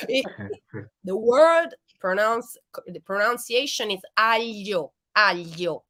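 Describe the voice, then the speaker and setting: A woman's voice: fairly high pitch, expressive, slow pace, a bit bright. A woman with an Italian accent, a native Italian speaker, hosting a casual interview over a video call, laughing often and switching between languages. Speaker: interviewer and show host.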